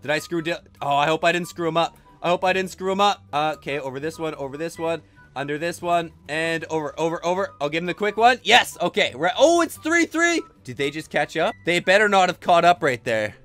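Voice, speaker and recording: A gaming YouTuber man with a high, light voice narrates his play in energetic bursts. He exclaims often and says things twice. Faint game music plays behind him. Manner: energetic, quick to exclaim, often repeats himself. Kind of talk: excited let's-play commentary.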